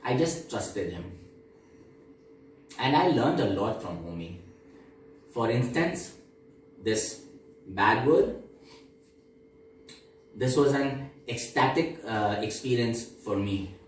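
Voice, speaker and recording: An actor playing a young man who fondly recalls crude childhood discoveries, speaking in slow, reflective storytelling. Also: mid-range voice, lively intonation, a little hiss or hum. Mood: wry nostalgic. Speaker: stage actor. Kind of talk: theatrical monologue. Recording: echoey room, mic far off.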